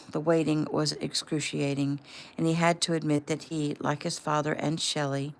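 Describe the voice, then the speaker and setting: A woman casually reading aloud from her own novel, relaxed and unpolished, with the odd slip. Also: sits low, gravelly. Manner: relaxed and unpolished, with small slips.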